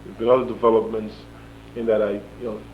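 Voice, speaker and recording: A man's voice: on the low side, fast talker. Young man telling a story on old tape. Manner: animated, chuckling often, acts out dialogue. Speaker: interviewee. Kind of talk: storytelling in an interview. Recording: dull lo-fi archival tape with faint hum.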